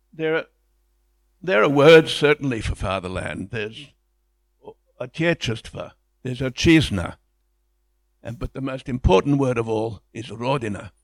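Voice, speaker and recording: A man's voice: mid-range voice, creaky, no echo. A man giving an illustrated public lecture, speaking enthusiastically in a conversational way with frequent restarts.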